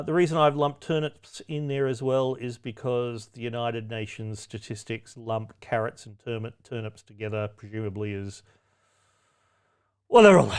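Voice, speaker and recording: A man's voice: mid-range voice, clean tone. A man hosting a pub quiz, reading out questions with wry, cheeky asides and chatty self-corrections. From Australia. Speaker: quiz host.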